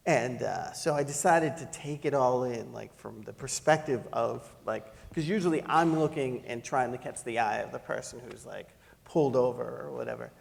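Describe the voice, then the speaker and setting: Gravelly guy telling a story to a crowd, lots of laughing, big echoey hall. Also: medium pitch, normal speed. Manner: animated, laughing, acts out quoted voices. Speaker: panel speaker. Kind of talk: storytelling to an audience. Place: lecture hall.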